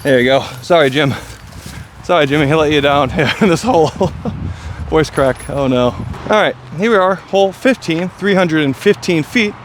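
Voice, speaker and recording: Excitable chatty man on a disc golf course. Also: on the high side, moderate pace, slight background noise. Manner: chatty, excitable, self-deprecating. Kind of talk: casual play-by-play commentary.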